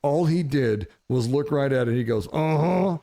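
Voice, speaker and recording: Man, storyteller, casual and profane, mid-pitch, lively delivery. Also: normal speed. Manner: animated, profane, laughing. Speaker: streamer telling a story.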